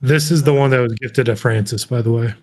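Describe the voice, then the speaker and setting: A man as a regular on a casual trivia show, making relaxed, wry remarks over a video call. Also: medium pitch, brisk. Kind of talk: casual chat.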